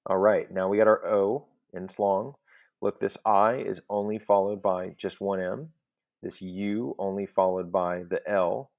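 A man's voice: deep voice, flat delivery, measured pace, gravelly, darkish tone, lo-fi sound. A man teaching a recorded Latin lesson, explaining step by step in a patient voice and often checking in with "okay?".

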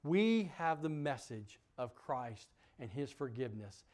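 A man preaching a sermon as pastor, emphatic, asking the congregation questions, swinging from loud peaks to quiet drops. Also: mid-range voice, sing-song, a little slow. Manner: asks the congregation rhetorical questions.

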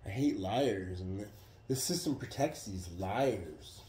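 A man telling a story in a casual, profane, animated way. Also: fairly low pitch, slow, a little hiss or hum. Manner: profane, animated retelling with acted quotes. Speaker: vlogger. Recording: roomy echo.

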